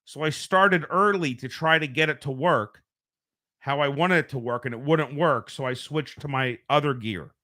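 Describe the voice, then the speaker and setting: A man's voice: on the high side, moderate pace, bright, forceful tone. A man from the United States hosting a casual live stream from home, rambling and correcting himself as he talks. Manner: rambling, self-correcting, conversational. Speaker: show host. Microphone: home streaming microphone.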